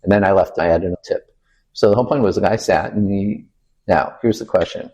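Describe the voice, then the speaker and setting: An older man, a rabbi, telling stories in a relaxed interview, quoting people and asking rhetorical questions. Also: deep voice, a little fast, husky, lo-fi sound. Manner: animated anecdote-teller who quotes people and asks rhetorical questions. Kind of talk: storytelling in a casual interview.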